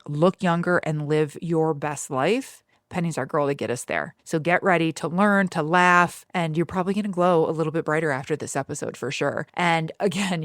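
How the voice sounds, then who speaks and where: A woman with a Michigan accent hosting a podcast, chatting in a gushing, excitable way full of "like". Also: lowish voice, no echo, studio quality. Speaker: podcast host. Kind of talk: casual podcast chat.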